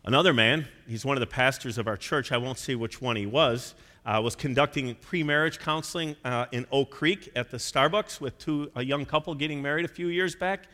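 Bright-voiced preacher in a reverberant church. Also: male voice, medium pitch, fairly quick. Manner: storytelling preacher acting out quoted voices. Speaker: pastor. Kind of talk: sermon.

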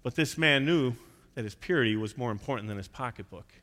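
A male pastor delivers a sermon in a church sanctuary. His voice is bright and forceful, and it rings with long reverb. He tells stories and acts out the voices of the people in them. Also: mid-range voice, expressive, brisk. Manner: storytelling preacher acting out quoted voices.

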